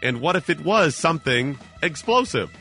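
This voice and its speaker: A man hosting a talk radio show, telling a story in an animated, indignant way and acting out the people in it. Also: fairly high pitch, moderate pace, soft background music. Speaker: radio host. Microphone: studio mic.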